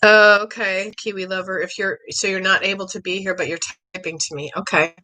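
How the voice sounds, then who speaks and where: A middle-aged woman hosting a live psychic reading stream, chatty and rambling, excitable, often clearing her throat. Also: medium pitch, brisk, low-quality recording. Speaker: psychic medium host.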